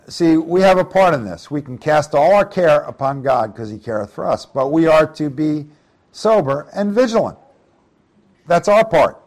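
A man's voice: on the high side, a little mellow. A middle-aged man leading a Bible study, reading verses aloud and explaining them in a casual, conversational way with questions to the listeners. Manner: reads scripture aloud then explains it conversationally, asks the group questions. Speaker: preacher.

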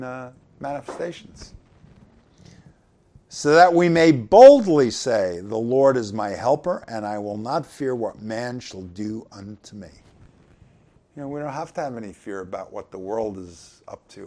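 A man delivers a sermon at a middle pitch, moving between scripture readings and plain talk. His manner is conversational, and he often turns to his listeners with questions. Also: mellow. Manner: conversational, asks the congregation questions. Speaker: preacher.

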